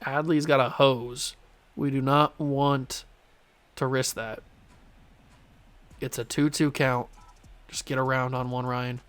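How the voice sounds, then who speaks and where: A young man giving live commentary while playing a baseball video game, groaning when it goes badly and shouting when it goes well. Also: medium pitch, takes it slowly, long pauses. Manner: animated, swings from frustrated groans to excited shouts. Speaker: gaming YouTuber.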